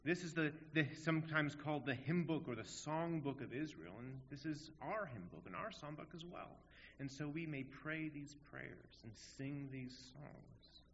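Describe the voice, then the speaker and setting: A man's voice: a little high, normal speed, a bit bright, a little hiss or hum. A man preaching a sermon in an earnest, emphatic way, asking rhetorical questions. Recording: dull audio in a long-reverb hall.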